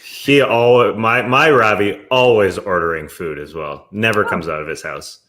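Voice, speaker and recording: A man's voice: on the low side, a little slow, a crowd in the background. A man co-hosting a podcast, chatting about basketball in a dry, laid-back way. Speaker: podcast co-host. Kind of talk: casual sports chat.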